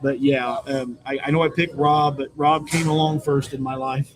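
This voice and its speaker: A wrestling fan guest talks casually and with enthusiasm about wrestling, wandering a bit as he goes. His medium-pitched voice is steady at normal speed, but the audio is poor, with crowd chatter from the busy pizzeria where he sits.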